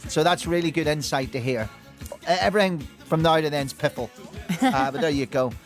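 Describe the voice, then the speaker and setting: Teasing sports host. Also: male voice, fairly high pitch, soft background music. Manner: jokey and teasing, quick asides. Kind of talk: lively sports panel chat.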